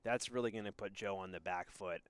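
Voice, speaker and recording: Darts commentator guy, gets loud and excited, dry close mic sound. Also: low-pitched, brisk, clean tone, no echo. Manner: excitable, bursts into loud exclamations. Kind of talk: live play-by-play commentary. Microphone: close mic, apologizes for being too loud.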